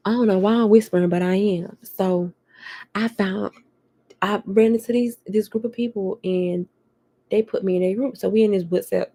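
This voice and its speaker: A woman vlogging at home, telling stories in a candid, profane, lively way. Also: medium pitch, gravelly, breathy edge. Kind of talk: casual chat to camera.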